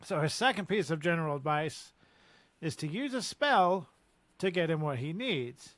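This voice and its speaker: A man co-hosting a podcast, chatting casually about a book with quick asides and easy laughter. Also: fairly high pitch, animated, fairly bright tone, no echo. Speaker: podcast co-host. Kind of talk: casual book discussion chat.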